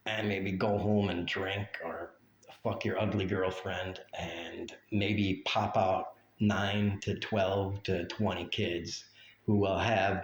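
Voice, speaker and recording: A man's voice: fairly low pitch, darkish tone, reverberant, a little hiss or hum. A man ranting bluntly in a vlog monologue, profane and sarcastic. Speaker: vlogger.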